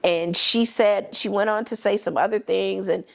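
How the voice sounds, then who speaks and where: Middle-aged woman podcast host, gravelly, candid storyteller, blunt and emphatic. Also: medium pitch, moderate pace. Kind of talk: personal storytelling.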